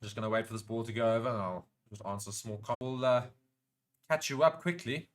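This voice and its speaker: A South African man hosting a live rugby watchalong, chatting casually with viewers and breaking into excited play-by-play during big moments. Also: medium pitch, a little fast. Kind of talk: casual live commentary while reading chat comments.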